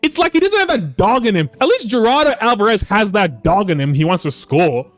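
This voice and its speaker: A man commentating his basketball video game for his viewers, excitable and swearing often, calling them boys. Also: high-pitched, a little fast, faint music behind. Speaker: gaming YouTuber.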